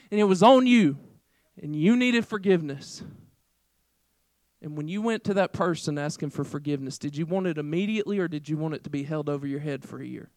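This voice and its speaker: A middle-aged man, preaching a sermon in a casual, conversational way with lots of fillers, swinging between loud emphasis and quiet asides. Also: very high voice, no room sound. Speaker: pastor.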